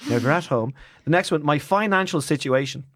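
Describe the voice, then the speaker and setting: An Irish man co-hosting a podcast in casual chat, animated and jokey, rambling with restarts. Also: on the high side, a little fast, no room sound. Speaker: podcast co-host.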